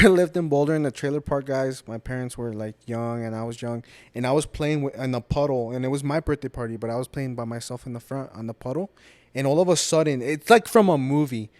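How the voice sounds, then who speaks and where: A man's voice: medium pitch, fairly quick, a little mellow. A young man in a middle register jokes and teases in casual podcast chat. The sound is close and dry, with no room echo. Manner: teasing, joking, slips into Spanish. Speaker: podcast co-host.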